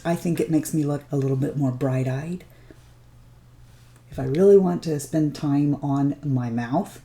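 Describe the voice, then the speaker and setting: A woman hosting a beauty vlog, calmly walking through a makeup tutorial step by step. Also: low-pitched, a little hiss or hum. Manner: gentle step-by-step instruction. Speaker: beauty vlogger.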